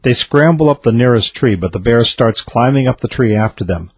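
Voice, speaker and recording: A man reading a series of jokes aloud in a steady storytelling delivery. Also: mid-range voice, a little fast, husky, dry recording. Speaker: joke teller.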